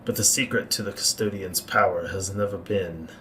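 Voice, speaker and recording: A man voicing a scheming male court Maester who speaks in a grave, measured, ominous way. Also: sits low, fairly even intonation, pushed and bright, distant mic, slight background noise, rough recording. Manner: measured, ominous, deliberate pauses.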